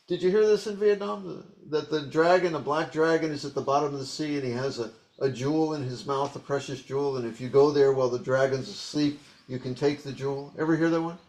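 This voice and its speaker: A man giving a dharma talk as a Zen teacher, telling old stories in an animated, rambling way with many restarts. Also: on the high side.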